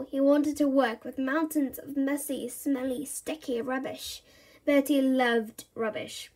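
Storybook reader: woman, high-pitched, animated and expressive. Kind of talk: children's story read-aloud.

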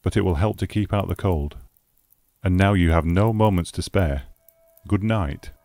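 Brief: man playing a low, dark-voiced embittered old scholar for an audiobook, declamatory. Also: dry recording. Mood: calm. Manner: measured, declamatory. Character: bitter aging male scholar, eloquent recluse. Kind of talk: audiobook character reading.

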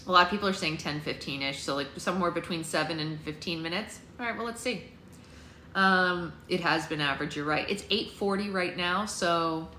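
A woman's voice: fairly low pitch, bright, forceful tone. A woman hosting a book club livestream from home, chatting in a rambling way with viewers and reading aloud. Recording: roomy echo, faint noise.

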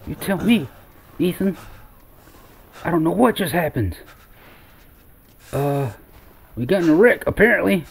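A man's voice: fairly high pitch, sing-song, unhurried, gravelly, pauses often, breathy edge. A young man playing a horror game, exclaiming and talking to his viewers as he goes. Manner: jumpy, exclaiming, talks to viewers as Wolfpack. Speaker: gaming YouTuber. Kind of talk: let's-play commentary.

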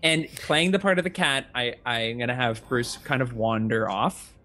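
A man's voice: medium pitch, moderate pace, pushed and bright. A man playing a tabletop game, talking casually with hesitant, stumbling phrasing. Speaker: player.

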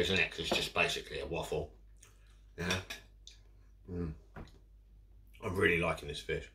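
Guy rambling between bites, lowish voice, echoey room, cutlery clinking. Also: steady tone, moderate pace, long pauses, pushed and bright. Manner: rambling, chatty, eating and talking with mouth full. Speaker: food vlogger. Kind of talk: casual eating vlog chat. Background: cutlery and dishes.

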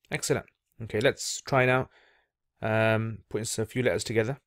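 In a lesson narrated slowly and step by step, an Arabic reading teacher patiently teaches letter sounds, repeating each for the listener to copy. His voice sits on the low side, with a steady, fairly bright tone and a moderate pace. The recording is dry and of studio quality.

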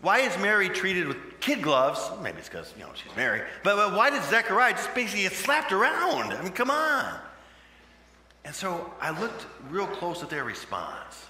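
A man preaching a sermon in a conversational way, with sudden loud emphatic bursts, recorded in a church. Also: high voice, huge pitch swings, normal speed. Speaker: pastor. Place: church sanctuary. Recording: echoey church hall with long reverb, faint hum.

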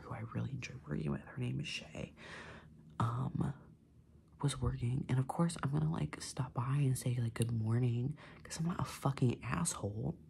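A man's voice: mid-range voice, creaky, darkish tone, slight background noise. A young man in his twenties whispering an ASMR vent while doing his makeup, chatty, swearing and full of "like". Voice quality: mostly unvoiced whisper. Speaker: ASMR creator.

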